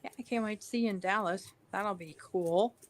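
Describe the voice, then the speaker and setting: A woman chatting casually with a fellow artist on a live stream, telling stories with quick giggly asides. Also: medium pitch. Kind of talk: casual chat.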